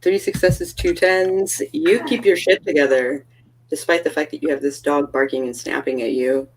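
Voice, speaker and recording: A woman narrating as storyteller for a tabletop role-playing game, in a relaxed, chatty way. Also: sits low, normal speed, poor audio.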